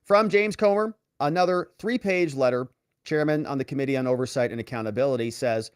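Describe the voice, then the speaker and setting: A man's voice: mid-range voice, a little fast, clear, resonant tone, no room sound, clean studio sound. A man who works as a lawyer, reading political letters aloud and commenting on them with sarcastic, mocking asides. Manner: animated reading of quoted letters.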